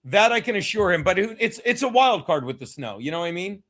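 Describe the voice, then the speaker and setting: A man hosting a casual livestream, rambling, laughing and losing his train of thought as he gives shout-outs to the chat. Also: high-pitched, big pitch swings, quick pace. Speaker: comedian hosting a livestream show.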